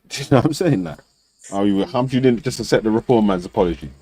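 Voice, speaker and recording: A man's voice: fairly low pitch, expressive, fast talker, dark tone, husky, no echo, poor audio. A young man hosting a casual panel debate, full of slang, laughing often and mimicking people. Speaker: debate show host.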